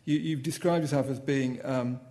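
A male interviewer with a gravelly, dark voice. He asks his questions in a hesitant way, with restarts, and murmurs softly while his guest talks. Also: medium pitch, steady tone, moderate pace. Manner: hesitant, with soft murmured backchannels. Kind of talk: conversational interview.

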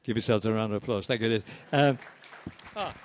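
A man's voice: fairly low pitch, fast, a faint crowd, slight background noise. An older man giving a live poetry reading, with wry, rambling, self-deprecating asides to the audience. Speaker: poet performing to an audience.

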